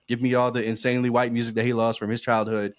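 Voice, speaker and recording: A man in casual podcast chat, his voice at an ordinary middle pitch. He talks in an animated way, curses freely and often breaks into laughter. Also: fast talker, no echo, studio quality. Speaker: podcast co-host.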